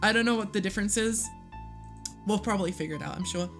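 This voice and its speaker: A young woman livestreaming a video game, excitable, gasping and swearing as she plays. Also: medium pitch, fast, faint music behind. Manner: excitable, swears and gasps, lively. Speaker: streamer. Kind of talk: live game stream commentary.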